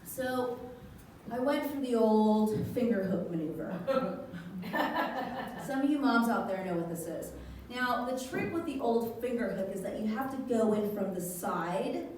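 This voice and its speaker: A middle-aged woman performing a stand-up comedy set, telling a story with animated energy and jumping into high voices to quote her kids. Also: slight background noise. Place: live comedy venue. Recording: echoey hall from far off with loud ambience.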